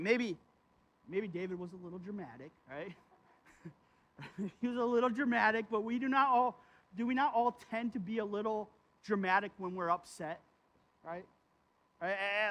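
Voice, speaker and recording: A man's voice: high-pitched, a bit bright. A man preaching a sermon as pastor in a conversational way, tagging his points with "right?" and reading scripture aloud with feeling. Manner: conversational, keeps asking "right?".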